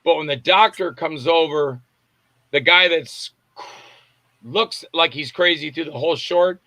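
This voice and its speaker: Male director guest, animated storyteller, bright tone, dry close sound. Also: fairly high pitch, measured pace, no room sound. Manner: animated anecdotes, acts out voices and shouts. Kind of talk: casual storytelling interview. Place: Tampa area, Florida.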